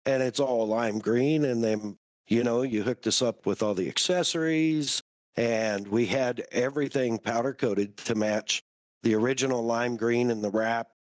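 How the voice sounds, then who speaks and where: A man hosting a podcast, chatting in a relaxed, conversational way. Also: mid-range voice, measured pace, no room sound. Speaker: podcast host. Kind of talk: casual podcast chat.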